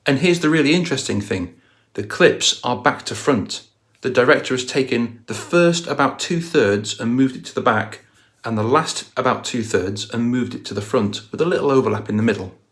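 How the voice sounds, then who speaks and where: Male explainer host, analytical storytelling delivery, average pitch. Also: moderate pace, a bit bright. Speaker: guitar channel host. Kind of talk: video explainer narration.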